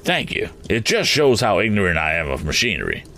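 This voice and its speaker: A man voicing an excitable, eccentric gentleman motorist who rambles and keeps exclaiming fussy oaths in a storybook reading. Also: low-pitched, a little fast, creaky, exaggerated voice. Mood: excited.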